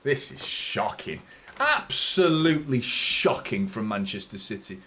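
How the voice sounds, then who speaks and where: A man's voice: mid-range voice, sing-song, a little slow, sharp tone, slight background noise. A man hosting a live football watchalong, commentating and ranting at his team's players with frustrated, sweary exasperation. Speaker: fan channel host.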